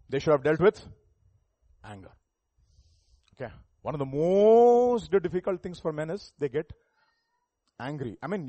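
A man preaching a sermon, emphatic, swinging between loud and soft, asking the listeners rhetorical questions. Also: fairly high pitch, dry recording. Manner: emphatic, rising and falling volume, rhetorical questions.

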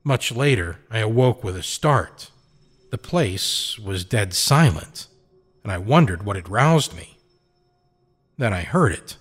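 A man's voice: on the low side, slightly rough. A man narrating a pulp adventure in the first person, in a hardboiled, slangy storytelling manner.

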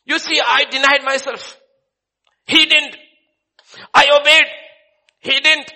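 A preacher acting out a bitter, indignant elder brother. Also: male voice, very high voice, fairly even intonation, takes it slowly, sharp tone, big-room sound, voice pushed up, exaggerated voice. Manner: indignant complaining. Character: resentful elder brother, adult man, bitter.

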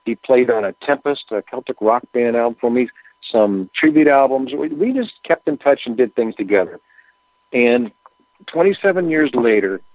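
A man's voice: mid-range voice, no echo. Musician guy chatting on a phone line, rambly easygoing stories, thin tinny sound. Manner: relaxed, rambling anecdotes with frequent fillers. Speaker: musician guest. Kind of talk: casual interview storytelling.

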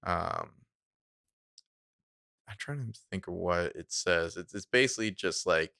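A man with a very low, gravelly voice chats casually as a podcast co-host, recapping an episode. His tone is bright and crisp, laid-back, with easy laughter. The sound is dry and close. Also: a little slow, no room sound. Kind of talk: casual chat.

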